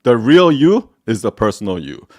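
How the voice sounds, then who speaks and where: A man hosts a live question-and-answer stream and talks in a blunt, profane way. He laughs often between points. His voice sits at an ordinary middle pitch. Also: big pitch swings, moderate pace, darkish tone. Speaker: host answering viewer questions.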